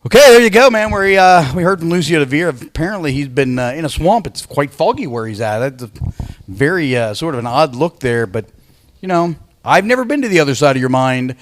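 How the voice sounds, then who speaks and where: A man hosting a wrestling show in a laid-back, chatty way, pausing often on "uh". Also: on the high side, very animated, no room sound. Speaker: show host.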